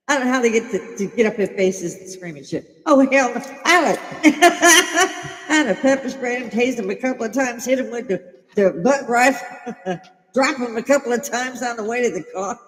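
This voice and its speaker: A woman's voice: on the high side, normal speed. An older woman from Chicago chats casually on her livestream, blunt and profane, breaking into laughter often. Her voice carries a long, echoing reverb around it. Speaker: livestream host. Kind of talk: casual opinionated livestream chat.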